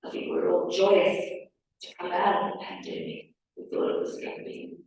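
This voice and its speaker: A woman's voice: on the low side, level tone, normal speed, vocal fry, a little mellow, distant mic, a little hiss or hum. Woman speaking in an echoey hall. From Australia. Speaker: panel speaker. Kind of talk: personal talk at a public forum. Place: large hall with audience.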